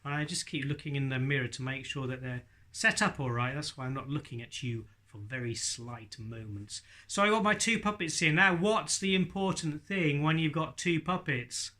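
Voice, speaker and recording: A man teaching ventriloquism, talking chattily to his viewers in a friendly tutorial. His voice sits a bit high for a man. The tone is bright and forward. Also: normal speed, hardly any pauses. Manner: chatty, addresses viewers directly. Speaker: ventriloquism instructor.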